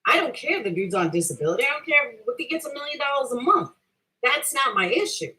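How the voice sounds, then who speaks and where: Heated, profane woman with a bright voice. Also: high-pitched, big pitch swings, brisk, poor audio. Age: middle-aged. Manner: combative, profane, defensive, repeats her point. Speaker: livestream host answering chat. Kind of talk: heated casual rant.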